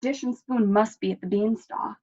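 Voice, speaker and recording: Brief: woman reading as a tough little storybook dog, gruff and determined, muffled sound. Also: mid-range voice, fairly even intonation, normal speed, mellow, lightly acted. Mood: plucky. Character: plucky female dog, grumpy and tough. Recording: dull lo-fi recording.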